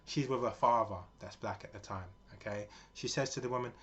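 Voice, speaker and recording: A man's voice: medium pitch, fairly even intonation, a little fast, breathy edge. A man in his forties giving a rambling, earnest, casual monologue with many fillers. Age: 40s. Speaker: vlogger. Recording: dull lo-fi with faint noise.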